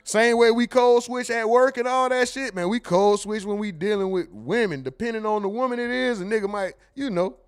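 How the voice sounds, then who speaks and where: A man's voice: sits high, brisk, few pauses, clear, resonant tone, soft background music. A man hosting a casual livestream who reads chat comments aloud, jokes, curses freely, and slips into mimicry. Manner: profane, joking, mimics others. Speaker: livestream host.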